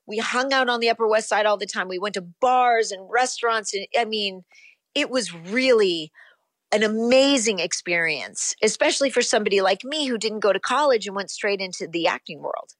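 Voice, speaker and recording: A woman's voice: mid-range voice, moderate pace, fairly bright tone, no echo. Reflective woman in her fifties, dry sound. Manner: reflective, rambling with many ums and you-knows. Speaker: actress guest. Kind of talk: casual interview.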